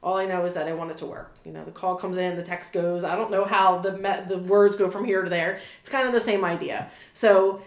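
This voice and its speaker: A talkative woman in her thirties with a fairly low voice, chatting as an interview guest. She rambles through fillers and restarts with an easy laugh. The room sounds echoey. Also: steady tone, a little fast, hardly any pauses. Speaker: animal communicator guest. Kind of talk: casual interview chat.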